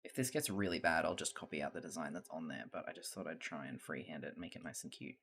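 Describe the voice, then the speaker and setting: A live streamer chatting casually to viewers while crafting, excitable, swearing freely and laughing often, sometimes trailing off into quiet mutters. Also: rumbling low, fast, gravelly, breathy edge.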